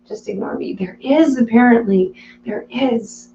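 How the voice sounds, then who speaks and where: Woman streamer with a gravelly edge, chatty and laughing between chat reads, in a roomy, slightly dull home recording. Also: fairly high pitch, unhurried, warm tone, a little hiss or hum. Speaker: live streamer reading chat. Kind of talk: casual live-stream chat.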